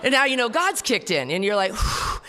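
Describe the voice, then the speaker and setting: A woman's voice: on the high side, very animated, fast talker, pushed and bright. A woman giving a personal testimony at a recovery meeting, talking bluntly and profanely in a casual storytelling way. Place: meeting hall before an audience. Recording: reverberant live hall.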